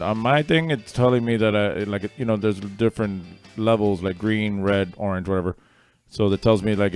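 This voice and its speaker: A man's voice: on the low side, a little mellow. Offhand man hosting online trivia. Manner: rambling, offhand asides between answers. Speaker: trivia host. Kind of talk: casual livestream trivia hosting.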